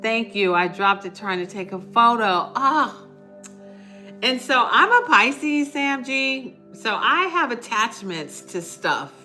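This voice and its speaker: A middle-aged woman hosting a casual livestream, chatting with viewers, reading their comments and offering warm reassurance. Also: on the high side, expressive, slow pace, faint music behind. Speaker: livestream host. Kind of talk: casual live chat with viewers.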